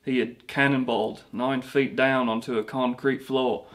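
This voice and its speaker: A man's voice: medium pitch, fairly even intonation, normal speed, a bit bright, natural voice. A man playing a boastful British ex-rocker. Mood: rambling. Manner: rambling, boastful, stumbling restarts. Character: vain washed-up male rock singer, self-pitying. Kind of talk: mockumentary interview.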